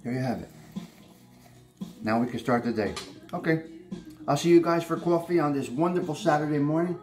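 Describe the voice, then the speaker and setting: A man's voice: fairly high pitch, fairly quick, over music. A man hosting a casual morning coffee vlog, chatty and rambling with fillers. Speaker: host of a morning coffee show.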